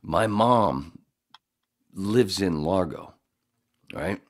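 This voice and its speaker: A man's voice: deep voice, expressive, drawn-out words. A man telling a rambling, profane story in casual chat as a podcast co-host.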